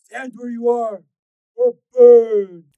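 A man voicing a menacing cyborg man with glowing red eyes in an audiobook, giving slow, loud, threatening commands. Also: very high-pitched, level tone, dry recording, phone-quality sound, voice pushed up, full character voice. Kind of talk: audiobook character voice.

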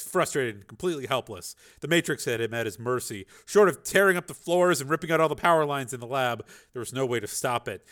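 A man narrating a thriller audiobook in an expressive, dramatic way. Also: mid-range voice. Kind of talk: scripted narration.

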